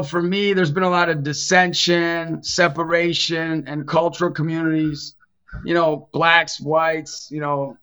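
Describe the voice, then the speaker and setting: In a muffled recording, a middle-aged man speaking on the high side tells stories in a casual podcast chat. He's a Catholic evangelist and youth basketball coach, and he animatedly acts out the voices of the people he describes.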